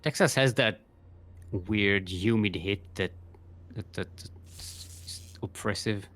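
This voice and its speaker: A man's voice: lowish voice, takes it slowly, a bit bright. Rambling joking male game caster. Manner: rambling, jokey, frequent restarts. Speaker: esports caster. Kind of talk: live game commentary.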